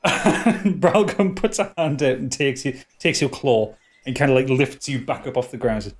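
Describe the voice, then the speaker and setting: A man narrating as game master, stopping and restarting often. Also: mid-range voice. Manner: halting, full of restarts and fillers.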